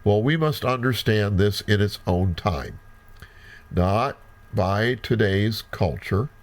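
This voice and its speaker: Male Bible teacher, low and slow, folksy and animated. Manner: animated, bursts of wonder and folksy asides. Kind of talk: Bible study lecture.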